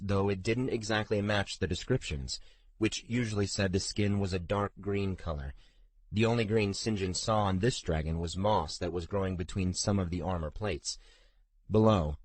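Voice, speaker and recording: A man narrating a fantasy audiobook in a measured, steady storytelling manner. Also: low-pitched, no echo.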